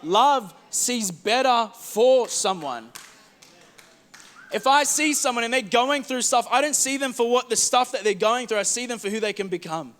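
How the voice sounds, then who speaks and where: Earnest bright-voiced man preaching. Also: extremely high pitch, normal speed, long reverb tail. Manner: earnest, pleading, repeats words. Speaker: pastor. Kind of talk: sermon. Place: church hall.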